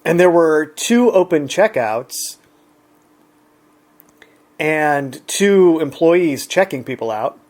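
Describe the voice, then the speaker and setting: A man's voice: on the high side, lively intonation, takes it slowly, long pauses, darkish tone. A man relaxedly retelling an everyday encounter in a chatty, conversational way. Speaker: storyteller. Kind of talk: casual anecdote.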